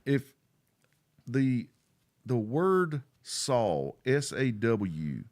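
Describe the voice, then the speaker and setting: A man's voice: medium pitch, sing-song, extremely slow, a little mellow. A man co-hosting a live stream in casual chat, rambling and self-deprecating.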